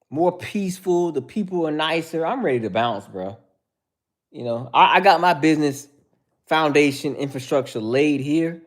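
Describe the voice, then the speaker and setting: A man hosting a livestream who answers viewers by name in casual, heated talk, calling everyone "bro.". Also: a little high. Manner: heated, preachy, says "bro" constantly; addresses chatters by name. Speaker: livestream host.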